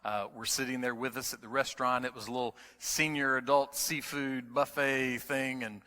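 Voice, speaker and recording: A middle-aged man preaching a sermon as pastor. He is emphatic, repeats key words, and moves between quiet storytelling and loud preaching. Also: mid-range voice, little pitch movement, normal speed. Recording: long hall reverb.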